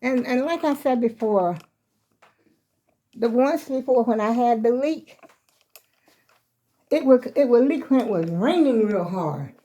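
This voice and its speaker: A woman's voice: fairly high pitch, expressive, unhurried, pauses often, mellow. An older woman, vlogging casually from home on her phone. She rambles as she talks and keeps speaking straight to her viewers as "y'all". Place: small room at home.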